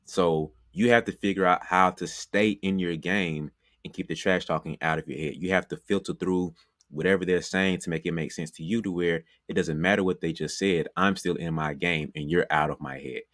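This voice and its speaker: A man's voice: deep voice, steady tone, normal speed, a bit bright, dry recording, studio quality. A man giving a motivational basketball coaching talk, conversational and repetitive, often saying "you know". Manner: conversational, repeats phrases, frequent "you know". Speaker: basketball trainer.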